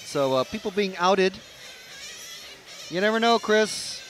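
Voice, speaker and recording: A man's voice: high voice, animated, slow pace, long pauses, a bit bright, a little hiss or hum, low-quality recording. A man giving casual, rambling live race commentary with lots of fillers. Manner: chatty, rambling, with frequent fillers. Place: outdoor racetrack, trackside.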